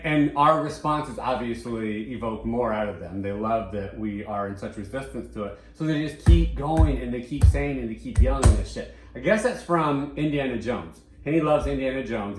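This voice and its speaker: A man co-hosting a casual podcast, telling stories in an animated way and swearing freely. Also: medium pitch, moderate pace, roomy sound, soft background music. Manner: animated, profane storytelling. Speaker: co-host.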